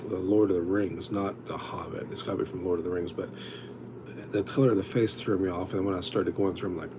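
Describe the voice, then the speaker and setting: A man's voice: sits low, steady tone, fast talker, background noise. A man hosting a livestream, telling rambling stories with lots of restarts in a casual chat. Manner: rambling, self-interrupting storyteller. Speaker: livestream host.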